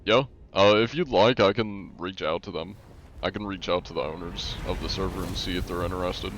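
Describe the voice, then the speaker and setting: A man's voice: low voice, brisk, fairly bright tone, slight background noise. A man streaming live, chatting casually while gaming and answering his chat, rambling with many fillers and restarts.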